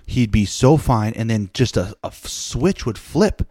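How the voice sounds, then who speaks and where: Laid-back man with a lowish voice. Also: animated, warm tone, no room sound, studio quality. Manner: laid-back, halting, searching for words. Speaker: podcast co-host. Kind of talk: casual chat.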